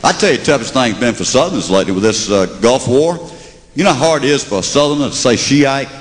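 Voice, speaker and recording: A man's voice: medium pitch, animated, fast. A man with a Southern American accent doing a drawling, mock-indignant stand-up set. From Southern United States. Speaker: stand-up comedian. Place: comedy stage before an audience. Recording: live comedy club recording from a hall, crowd and noise audible.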